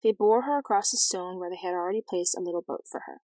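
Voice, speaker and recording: A woman narrating a fairy tale as an audiobook reading, in a clear, even storytelling manner. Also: lowish voice, fast, no echo, rough recording.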